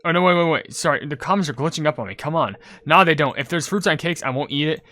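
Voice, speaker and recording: A man talking through a mobile game in a loose, rambling commentary style. His voice sits a bit on the higher side and is packed with "like" and "you know." He turns loud and excitable when the game surprises him. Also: fast talker, dry recording. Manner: gets loud and excited over game pulls. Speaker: gaming YouTuber. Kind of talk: casual gaming commentary reading comments.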